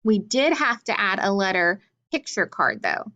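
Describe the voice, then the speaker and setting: A woman teaching a phonics lesson to young children, sounding out words clearly and praising answers. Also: mid-range voice, big pitch swings, normal speed, bright, forceful tone, highs cut off.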